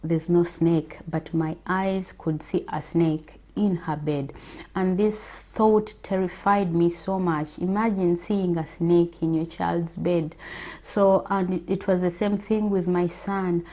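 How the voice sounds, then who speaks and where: Slow, mellow-voiced woman sharing her testimony. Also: lowish voice, steady tone. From Africa. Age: adult with children. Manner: slow and reflective, with hesitant fillers. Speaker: faith testimony speaker. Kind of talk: personal testimony.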